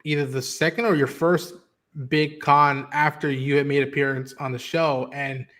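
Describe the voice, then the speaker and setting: A man's voice: on the high side, steady tone, moderate pace, fairly bright tone. A man hosting a casual interview stream, asking long winding questions in a friendly way. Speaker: host.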